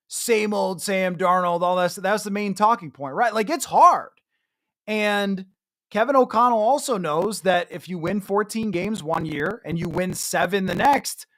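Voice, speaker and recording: A man's voice: high voice, a bit bright. A man hosting a solo sports podcast, giving chatty, emphatic commentary with self-mocking asides. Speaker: podcast host.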